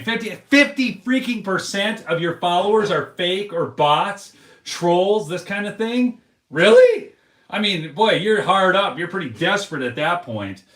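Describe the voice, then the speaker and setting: A man's voice: mid-range voice, fairly bright tone. Rambling folksy man in a roomy space. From United States. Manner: rambling and folksy, with many fillers and restarts. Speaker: host of a political commentary show. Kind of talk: casual spoken commentary. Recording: roomy echo.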